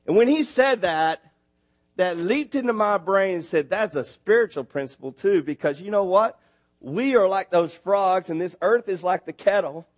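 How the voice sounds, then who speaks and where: A man preaching a sermon, animated and building to emphatic near shouts on his points. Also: high-pitched, normal speed. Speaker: missionary preacher. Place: church.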